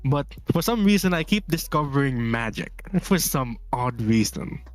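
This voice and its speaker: A man's voice: mid-range voice, expressive, moderate pace. A man from the Philippines streaming casually while drawing, rambling, laughing often and reading chat messages aloud.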